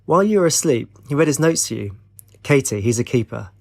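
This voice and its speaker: A man's voice: medium pitch, expressive, a little fast, creaky, a little mellow. A man voicing a protective middle-aged father in an audiobook, stern and earnest.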